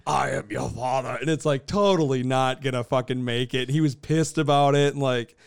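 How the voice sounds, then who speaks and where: A man's voice: mid-range voice, normal speed, clear, resonant tone. A young man co-hosting a podcast in casual chat, crude and laughing, swearing often. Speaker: podcast co-host.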